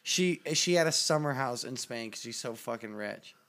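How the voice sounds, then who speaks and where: A man's voice: medium pitch, normal speed. A man co-hosting a casual podcast chat, telling stories with lots of swearing and mocking quoted voices. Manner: profane, animated storytelling with mocking quoted voices. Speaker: podcast co-host.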